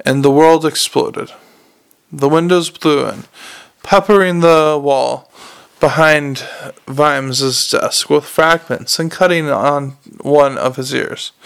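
A man's voice: on the high side, unhurried, vocal fry, a bit bright, clean tone. A man narrating a novel aloud in a plain, unpolished reading with frequent restarts. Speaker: audiobook reader.

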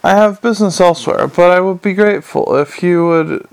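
A man's voice: sits high, brisk, creaky, clear, resonant tone, pitched above the performer's own voice, poor audio. A man voicing an earnest, polite young male watch captain in an audiobook, patient, courteous and mild.

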